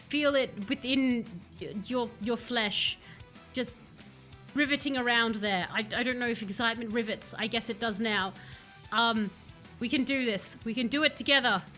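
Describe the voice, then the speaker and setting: A woman's voice: on the high side, sharp tone. A woman streaming a horror game live, chatting jumpily to her viewers as she plays at her computer at home. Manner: jumpy, chatty, talks to chat. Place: home room, playing at a computer.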